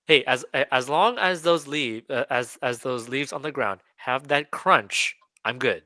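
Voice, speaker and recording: A young man hosting a live radio talk show, his voice bright and forward, recorded dry and close with no room sound. He hedges and restarts often and leans on fillers as he chats and reads out comments. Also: medium pitch, measured pace, no echo. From Texas. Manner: hesitant, many fillers and restarts.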